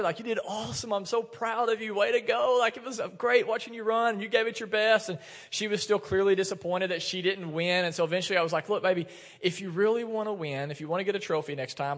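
A man in his thirties preaching a sermon, telling a family story in a relaxed, joking, conversational way. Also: fairly high pitch. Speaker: pastor. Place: church sanctuary. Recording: long church hall reverb.

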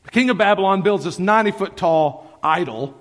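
Man preaching, high voice, middle-aged, animated storytelling, church hall reverb. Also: a little fast. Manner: animated, conversational storytelling with asides. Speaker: pastor. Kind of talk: sermon. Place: church sanctuary.

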